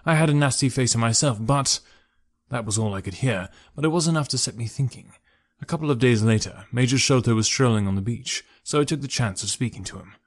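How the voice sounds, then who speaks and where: Male narrator, audiobook, measured storytelling, mid pitch. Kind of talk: scripted narration of a first-person story.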